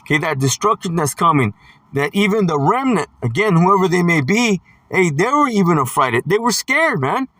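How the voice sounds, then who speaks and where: A man's voice: fairly high pitch, very animated, normal speed, a bit bright, no room sound, distant mic. A man preaching a scripture sermon, reading verses aloud and stressing points with "see" and "man". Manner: emphatic, punctuates with "see" and "man".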